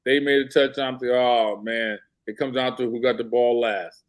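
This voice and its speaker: A man's voice: medium pitch, normal speed. A man in casual sports talk, telling a story with energy and acting out what people said. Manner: animated storyteller, acts out quotes. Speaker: guest.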